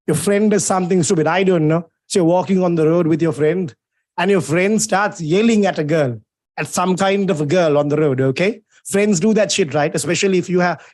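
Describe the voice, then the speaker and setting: A young man with a Sri Lankan English accent giving an energetic live literature lecture, playful and teasing, stretching out key words for emphasis. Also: sits high. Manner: lively, playful and teasing, drawn-out dramatic emphasis.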